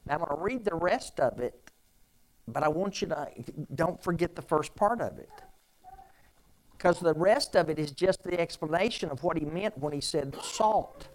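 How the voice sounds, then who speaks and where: A pastor preaching a sermon in a conversational way, with repeated phrases and strings of rhetorical questions. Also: male voice, fairly high pitch, lively intonation, moderate pace, poor audio.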